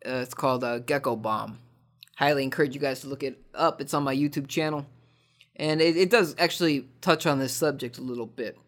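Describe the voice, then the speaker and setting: A man's voice: medium pitch, fairly quick, a bit bright. Rambling, joking man. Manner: rambling, tongue-in-cheek, frequent false starts. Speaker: podcast host answering listener questions. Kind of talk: casual comedic monologue.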